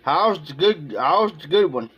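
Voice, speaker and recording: A man's voice: a little high, expressive, normal speed, slightly rough, lo-fi sound. A man from Ohio talking casually on a livestream in a rambling, emotional way, often repeating himself. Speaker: live streamer.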